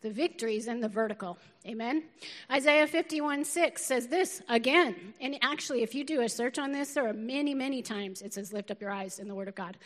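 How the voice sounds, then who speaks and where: A middle-aged woman pastor preaching a lively, feisty sermon and laughing often, recorded in a church auditorium. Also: fairly high pitch, fairly quick. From northern United States. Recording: long reverb of a large hall.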